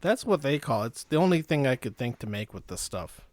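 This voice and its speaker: A man's voice: medium pitch, very animated, a little mellow, no echo. A man co-hosting a podcast at home, cracking jokes and drawing out his lines. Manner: joking, drawn-out, silly asides. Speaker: podcast co-host. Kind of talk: casual chat.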